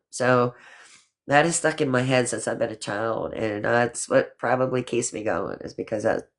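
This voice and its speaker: A woman's voice: very deep voice, moderate pace. Older woman, livestream host, casual chat, affectionate, swears easily, phone mic.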